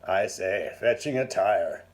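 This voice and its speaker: A man's voice: fairly low pitch, takes it slowly, a little mellow. A man voicing a bluff, lecherous aristocratic old lord who speaks in clipped, blustering phrases. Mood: blustery. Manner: clipped, blustering upper-class talk.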